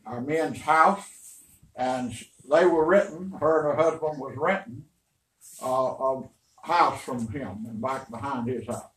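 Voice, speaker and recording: An older pastor with a mid-range voice preaches a storytelling sermon at a measured pace, folksy, rambling, and emphatic. The recording sounds roomy and distant, with faint noise.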